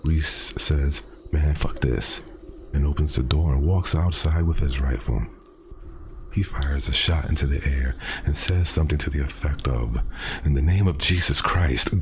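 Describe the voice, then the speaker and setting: A man hosting a podcast, reading a first-person horror story aloud in a casual, profane way with dramatic pauses. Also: extremely low pitch, a little mellow, slight background noise.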